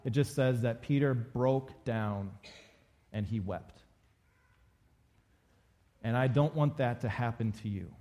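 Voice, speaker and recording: A man's voice: mid-range voice, takes it slowly, long pauses, warm tone. A male pastor giving a conversational sermon and acting out quoted lines from the story.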